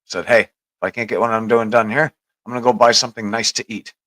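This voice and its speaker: A man's voice: on the low side, steady tone, fast talker, fairly bright tone, no echo, poor audio. A man hosting a podcast, telling a long, profane story in a rambling, casual way. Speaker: podcast host.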